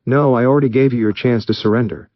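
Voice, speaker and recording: A man's voice: mid-range voice, fast talker, no echo, highs cut off, pitched above the performer's own voice, natural voice. A man doing a cold, mocking young ninja. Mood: menacing. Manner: calm, mocking, commanding.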